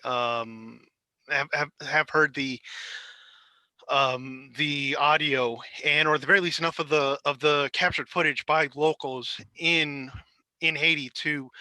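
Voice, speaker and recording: A man's voice: mid-range voice, bright, forceful tone, no room sound, rough recording. A man co-hosting a casual discussion podcast, talking hesitantly with many restarts. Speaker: podcast co-host.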